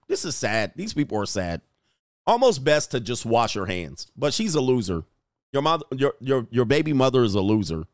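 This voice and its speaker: A man's voice: medium pitch, big pitch swings, moderate pace, long pauses, no echo. Man, crude, mocking, blunt, casual stream commentary, dry close sound. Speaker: host of a live stream. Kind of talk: casual live-stream commentary, reading chat.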